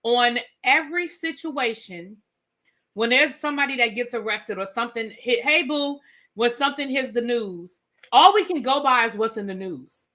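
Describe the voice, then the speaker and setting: A woman hosting a casual reality TV recap, opinionated and animated, acting out what people said. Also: fairly high pitch, moderate pace. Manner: animated, opinionated, acts out quotes. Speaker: recap show host.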